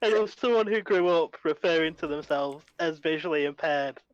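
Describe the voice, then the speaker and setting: A man's voice: fairly high pitch, normal speed, clean tone, no echo, lo-fi sound. A man co-hosting a casual podcast, telling stories and laughing through his lines. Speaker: podcast co-host. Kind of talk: casual chat.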